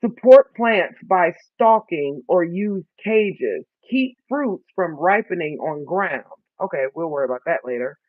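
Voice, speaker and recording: A vlogger with a high voice and lively intonation chats while setting up seeds for his first garden, joking about himself and reading the planting instructions aloud haltingly. The sound is dry and tinny like a phone, with no echo.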